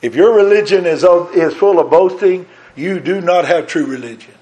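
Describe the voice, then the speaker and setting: A man preaching a sermon, swinging between loud, fervent passages and hushed ones. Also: sits high, normal speed.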